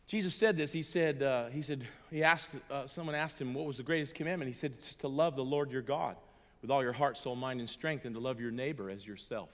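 A middle-aged man, a pastor, giving a sermon built on an emotional personal testimony, moving between hushed and loud passages. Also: medium pitch, brisk. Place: church hall. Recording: reverberant hall.

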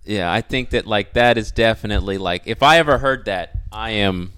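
A man guesting on a casual podcast, speaking haltingly and restarting his sentences. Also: fairly low pitch, fairly bright tone, clean tone. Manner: halting, self-interrupting.

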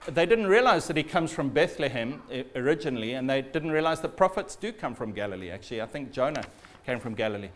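A man preaching a sermon in a storytelling way, often dropping low and quiet at the ends of phrases. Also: very animated, fast talker.

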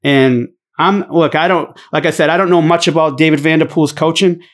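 A man's voice: on the high side, steady tone, moderate pace. A middle-aged man, a former basketball coach hosting a show, ranting bluntly with heavy swearing and lots of fillers and restarts. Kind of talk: profane casual rant.

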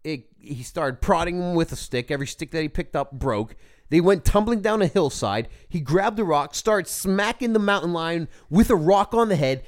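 A man co-hosting a podcast, talking in a casual, animated, ranting way with plenty of swearing. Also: a little high, normal speed. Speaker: podcast co-host. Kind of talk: casual chat.

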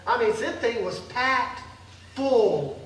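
A man preaching an emotional sermon, swinging between loud calls and soft pleading, recorded from afar in a large church hall. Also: very high voice, lively intonation, slow, slight background noise. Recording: echoey hall from far off.

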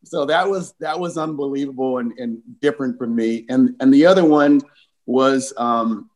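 Older man telling lively stories. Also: medium pitch, moderate pace, low-quality recording. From California. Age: 60s. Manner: animated, acts out the voices in his stories. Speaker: guest, former football player. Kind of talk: casual storytelling interview.

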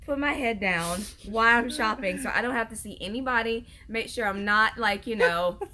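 A woman chatting casually on a podcast, telling animated stories and acting out strangers she meets. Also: on the high side, normal speed. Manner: animated storyteller, acts out strangers. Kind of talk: casual chat.

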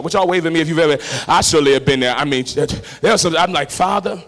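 A man preaching a sermon as pastor, swinging between shouted, sung-out lines and quiet, close talk, with a Black lilt. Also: fairly high pitch, fast talker, few pauses.

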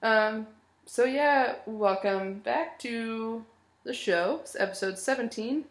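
Woman co-host, sick with a cold, lounging and chatting casually; gravelly tone. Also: a little high, slow pace, reverberant. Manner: relaxed, chatty, lying on a couch. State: sick, sniffling. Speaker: podcast co-host. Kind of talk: casual chat. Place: living room.

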